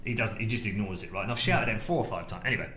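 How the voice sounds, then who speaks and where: Racing along in a lowish voice, a middle-aged British man tells a chatty story on a podcast he co-hosts, acting out the quotes with animation. He's an esports broadcaster, and the recording carries roomy echo and a bit of hiss.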